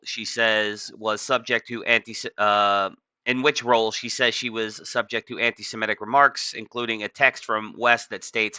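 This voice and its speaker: Casting: male commentator, offhand and rambling, bright forceful tone, dull dry lo-fi recording. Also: mid-range voice, dry recording. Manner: offhand, rambling, many fillers. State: just woken up. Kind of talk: casual commentary reading a news article aloud.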